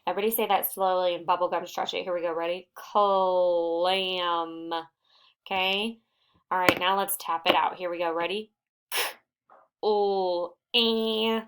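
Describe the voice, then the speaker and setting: A woman reading teacher giving a recorded phonics lesson to young children, sounding out words slowly and patiently. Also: fairly low pitch, little pitch movement, a bit bright.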